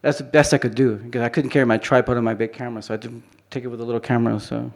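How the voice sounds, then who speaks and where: A man presents his photography work at a conference, speaking in a loose, conversational way. He circles back often, restarting sentences and leaning on "you know." His voice sits at an ordinary middle pitch. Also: level tone, racing. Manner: rambling, many restarts and "you know" fillers. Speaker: photographer giving a conference talk. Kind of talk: informal presentation talk. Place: conference hall.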